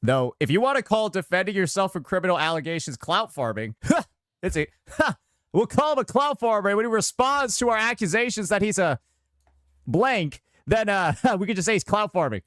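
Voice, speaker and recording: High-voiced man arguing his case. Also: sing-song, normal speed, a bit bright, no room sound, clean studio sound. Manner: argumentative, lecturing, repeats points. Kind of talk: commentary video.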